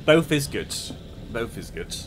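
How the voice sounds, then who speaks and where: A man's voice: medium pitch, sing-song, unhurried, faint music behind. A young man streaming a game, chatting casually and a bit sleepily as he answers his chat in a rambling way. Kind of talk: casual live-stream chat while gaming.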